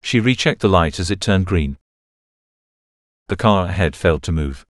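Deep-voiced male audiobook narrator. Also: animated, moderate pace, no echo, studio quality. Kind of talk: scripted narration.

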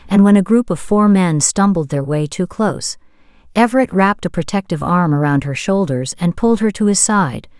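A woman narrating a romance novel as an audiobook, in a smooth, steady storytelling manner. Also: fairly low pitch, no echo, clean studio sound.

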